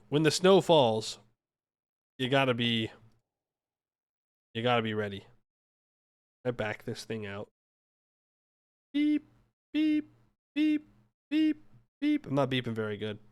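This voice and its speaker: A man streaming a game live, chatting and joking with his viewers in a playful, mock-defensive way. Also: mid-range voice. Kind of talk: casual live-stream commentary while playing.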